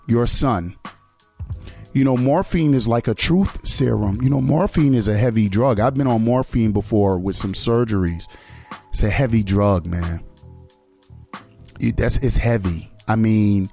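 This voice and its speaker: A man's voice: on the low side, warm tone. A man hosting a radio show who gives a blunt, profane commentary on a video clip and keeps firing rhetorical questions at the listeners.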